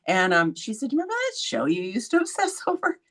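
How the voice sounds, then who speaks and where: A woman hosting a podcast, telling a story in a casual, blunt way, swearing freely and acting out quoted voices with sudden high jumps. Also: wildly swooping pitch, quick pace, a bit bright. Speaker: podcast host.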